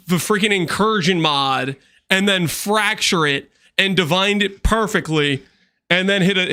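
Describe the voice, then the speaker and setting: A man streaming a game, chatting with viewers in an animated, teasing way with quick asides. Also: high-pitched, smooth. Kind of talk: livestream chat with viewers.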